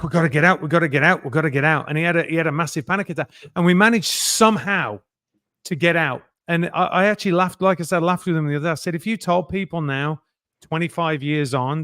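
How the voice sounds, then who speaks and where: A middle-aged man, a guest telling lively anecdotes and acting out other people's lines in a casual interview. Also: on the high side, no echo, studio quality. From England.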